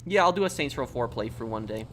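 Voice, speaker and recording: A man's voice: medium pitch, animated, fast, fairly bright tone, slight background noise. A man chatting casually on a gaming live stream, telling rambling stories and answering viewers' questions. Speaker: game streamer.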